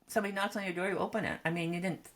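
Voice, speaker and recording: A woman's voice: fairly low pitch, steady tone, very fast. A woman in her seventies telling her own stories in a casual podcast chat, wry and self-mocking. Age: 70s. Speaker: podcast co-host, mother.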